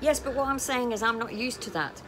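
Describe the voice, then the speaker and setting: A woman's voice: a little high, fairly quick. A playful woman chatting casually with her family in a garden. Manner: giggly and playful. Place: garden outdoors. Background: music.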